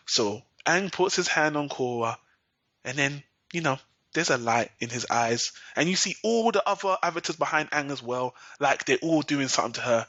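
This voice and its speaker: A man's voice: on the high side, sing-song, normal speed, bright, forceful tone, no room sound. A man hosting a podcast, recapping an episode in a sarcastic, profane, exasperated way. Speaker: podcast host. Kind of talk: casual recap and rant. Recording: dull lo-fi recording, dry.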